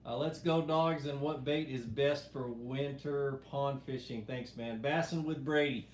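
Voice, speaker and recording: A middle-aged man, hosting a casual live fishing stream, reading viewer questions and answering in a relaxed, rambling way. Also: medium pitch, measured pace. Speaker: fishing show host answering live chat. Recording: echoey room with faint background hum.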